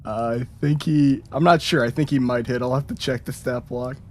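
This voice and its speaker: A man's voice: medium pitch, steady tone, normal speed, darkish tone. A man narrating as game master at a tabletop game, in a casual, hesitant way.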